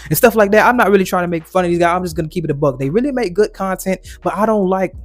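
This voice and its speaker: A man's voice: high voice, very fast, no echo, faint music behind. Rambling man giving his opinion, dry sound. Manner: rambling, frequent restarts and quoted impressions. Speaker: commentary channel host. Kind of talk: casual opinion monologue.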